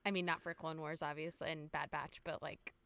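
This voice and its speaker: A woman co-hosting a podcast in casual chat, hesitant and pausing often. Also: low-pitched, level tone, bright, forceful tone, no echo. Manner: hesitant, pauses with ums. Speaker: podcast co-host.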